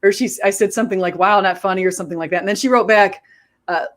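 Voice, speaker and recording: A woman hosting a casual video chat, telling a story with animated quoted asides and frequent restarts. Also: mid-range voice, racing. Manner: animated storytelling, quoting others. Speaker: host.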